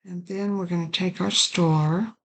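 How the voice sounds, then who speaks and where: Middle-aged woman, lower register, under the weather with a cough, chatty, apologetic craft tutorial host. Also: steady tone, unhurried, vocal fry, poor audio. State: coughing and sneezing. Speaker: card-making crafter.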